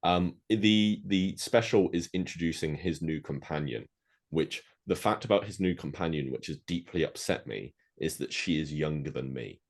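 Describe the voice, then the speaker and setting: A man co-hosting a podcast in a relaxed, chatty way, often dropping "like" between thoughts. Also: rumbling low, moderate pace. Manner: chatty, with many "like" fillers. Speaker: podcast co-host. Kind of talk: casual chat.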